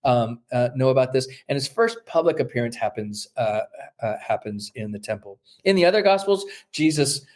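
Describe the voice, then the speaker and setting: A mid-pitched man explains scripture like a seminary teacher in conversation. He talks in a thoughtful, halting way, full of ums and false starts, and now and then acts out the voices he quotes. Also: lively intonation, darkish tone. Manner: thoughtful, halting, many fillers and restarts. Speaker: New Testament scholar, guest. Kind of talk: explaining in an interview.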